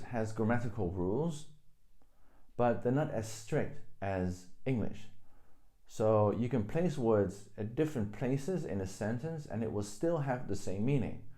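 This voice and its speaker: A man's voice: fairly low pitch, mellow. A young man teaching a spoken language lesson in a casual, patient way, carefully repeating words and their tones.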